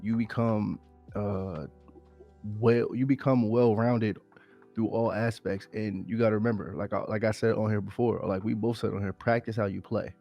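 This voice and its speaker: A man co-hosting a podcast in casual motivational chat, sick and pausing to catch his breath. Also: fairly low pitch, fairly even intonation, vocal fry, dull audio, soft background music. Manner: pausing to catch breath, frequent "you feel me". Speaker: podcast co-host.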